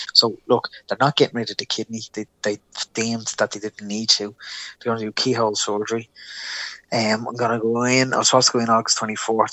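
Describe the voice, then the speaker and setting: A man's voice: on the low side, no room sound. An Irish man, a young adult co-hosting a podcast, telling a long anecdote in casual chat and acting out the voices of the people in it. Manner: animated, acts out voices in his anecdotes. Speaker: podcast co-host.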